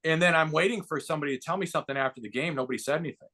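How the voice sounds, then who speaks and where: A man in his fifties, a baseball broadcaster and former player, tells stories as a podcast guest, acting out quotes with growing excitement. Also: a little high, rapid-fire. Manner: lively anecdote-telling with voiced quotes and rising excitement. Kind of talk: casual storytelling interview.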